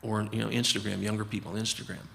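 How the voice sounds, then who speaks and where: A man's voice: fairly low pitch, little pitch movement, quick pace, gravelly, bright, forceful tone, big-room sound, slight background noise. A man, a physician guest, talking earnestly and explaining his approach, often acting out conversations with patients. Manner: earnest, acts out dialogues with patients.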